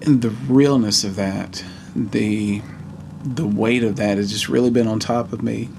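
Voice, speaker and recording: Forties guy vlogging, sincere and halting, kinda low voice. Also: fairly even intonation, creaky, background noise. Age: 40s. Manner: earnest, heartfelt storytelling with halting pauses. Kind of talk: personal reflective vlog.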